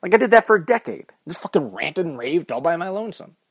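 A man's voice: on the high side, very animated, quick pace, husky, no room sound. A man hosting his own podcast, rambling through a profane, self-mocking solo rant. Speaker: podcast host.

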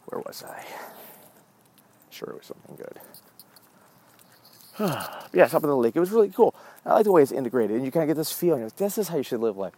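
A man's voice: fairly high pitch, sing-song, quick pace, pauses often, dark tone, a little hiss or hum. A man in his forties hosting his own show, talking in a rambling, profane casual monologue while walking a dog. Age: 40s. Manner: rambling, profane, wanders off track. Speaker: show host.

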